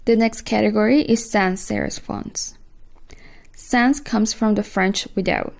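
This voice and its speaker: Course instructor, woman, scripted lesson narration, mellow and a bit gravelly. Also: medium pitch.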